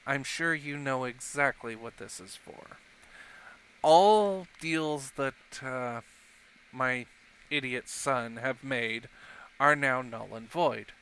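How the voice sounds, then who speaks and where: A man voicing a dignified older male dog noble who speaks calmly and gently. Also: medium pitch, slow, smooth. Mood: solemn. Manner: calm, gentle, soft-spoken.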